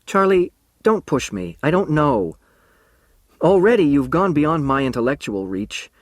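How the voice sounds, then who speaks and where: A gentle young woman teacher, cautious and patient, pleading softly as a male narrator reads her part. Her voice rises and falls in a lively sway and sits close to the mic with no room around it. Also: fairly high pitch, unhurried, dry recording, voice pushed up. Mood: gently cautious.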